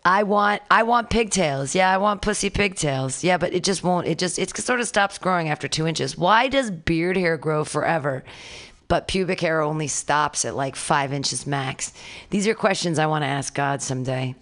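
A woman with a low voice hosts an open mic night, trading crude, offhand bits between acts. She talks loosely and plainly, like a regular of the room. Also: normal speed. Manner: crude, offhand, shouts introductions. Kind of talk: stand-up host banter.

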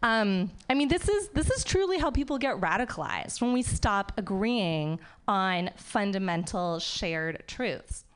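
A woman doing a stand-up set on a comedy club stage, wry, with animated mock outrage. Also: mid-range voice, unhurried, few pauses, clear, resonant tone.

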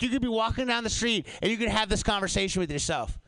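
A man performing a stand-up comedy set, animated and profane, swinging his voice up and down for bits. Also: high voice, fast talker, dry recording. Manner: animated, swearing, shifting voice up and down for bits. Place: comedy show venue.

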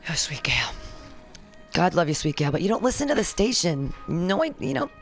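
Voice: medium pitch, sing-song, moderate pace, faint music behind. Sarcastic rambling talk radio host. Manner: sarcastic, rambling, jokey asides. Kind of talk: opinionated talk radio monologue, reading aloud and mocking. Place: radio studio.

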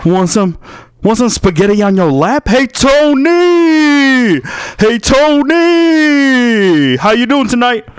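A man voicing a loud seafood counter worker who keeps hawking food at a customer. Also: extremely high pitch, expressive, takes it slowly, clear, resonant tone, no room sound, clean studio sound, voice pushed up, heavily acted. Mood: pushy hawking. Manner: shouting, pushy, repetitive hawking.

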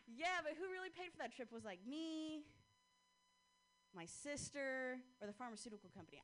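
A woman's voice: high voice, expressive, moderate pace, a bit bright, poor audio. A woman performing a stand-up comedy set, talking conversationally with a self-mocking manner. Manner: conversational, self-mocking, drops into voices for quoted people.

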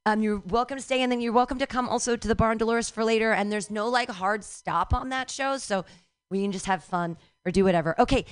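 A woman's voice: on the high side, fast, clear, resonant tone, no echo. A woman in her fifties doing a stand-up comedy set, rambling, irreverent and self-mocking.

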